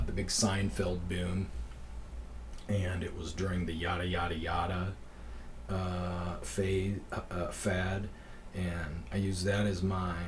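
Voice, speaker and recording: Man from Wisconsin, middle-aged, loose rambling storyteller, lowish voice. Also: a little hiss or hum. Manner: rambling, loose, swears casually. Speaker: podcast host. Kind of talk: casual storytelling.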